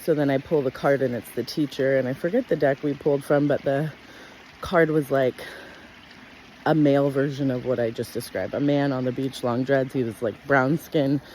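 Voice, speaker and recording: A woman's voice: normal speed, a little hiss or hum. Blunt, candid woman telling her story. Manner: blunt and profane, with frequent "like" fillers; animated, jumps in pitch when acting out her own past words. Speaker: wellness practitioner sharing her life story. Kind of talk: candid personal storytelling to camera.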